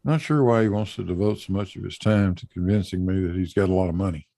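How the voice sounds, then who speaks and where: A man's voice: low-pitched, quick pace, vocal fry, warm tone, no room sound. A man hosting a casual talk show, blunt and profane with dry joking. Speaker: host. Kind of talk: casual chat.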